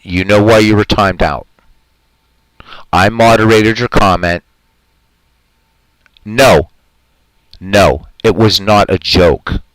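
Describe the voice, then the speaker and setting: A man's voice: on the low side, takes it slowly, pauses often, fairly bright tone, dry recording, low-quality recording. A man hosting a live stream in casual chat, talking in an earnest, rambling, heartfelt way and answering his viewers' comments.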